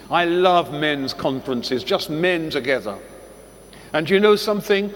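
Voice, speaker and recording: A man preaching a sermon to a congregation, telling stories slowly and deliberately with dramatic pauses. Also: a little high, fairly bright tone. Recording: long echoey hall reverb.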